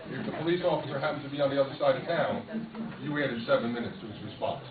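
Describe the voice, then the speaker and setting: Man, cautioning interjection at a public meeting; quick; far, tinny, crowd around. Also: medium pitch. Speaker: meeting participant. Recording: distant, echoey, tinny, crowd noise.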